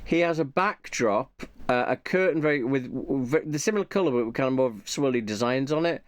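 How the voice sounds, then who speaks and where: A man's voice: mid-range voice, lively intonation, fairly quick, no echo. A man talking casually and off the cuff, rambling and thinking aloud, often muttering repeated asides to himself. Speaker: YouTuber reviewing his subscriptions.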